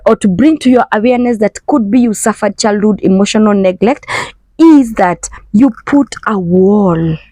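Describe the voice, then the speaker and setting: Middle-aged woman, emphatic and repetitive, higher voice, dry close sound, parenting talk. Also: darkish tone, dry recording, poor audio. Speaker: foster mom and parenting speaker. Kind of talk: earnest talk to camera.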